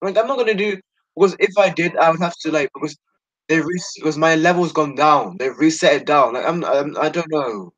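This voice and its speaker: A man's voice: on the high side, brisk, a bit bright, dry recording, dull audio. Hesitant young British man vlogging. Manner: hesitant and rambling, stammering restarts. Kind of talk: casual vlog rant.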